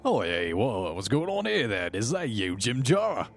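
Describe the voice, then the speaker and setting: A man voicing a friendly, chatty male deep gnome miner with an Australian accent. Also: very animated, measured pace, soft background music. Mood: surprised. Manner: hearty, folksy, rambling.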